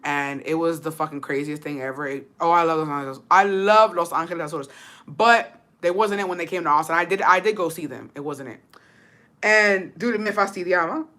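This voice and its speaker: The woman from Texas talks fairly quickly in a lowish, fairly bright voice while chatting with viewers on stream. Her talk is chatty and profane, switching between English and Spanish.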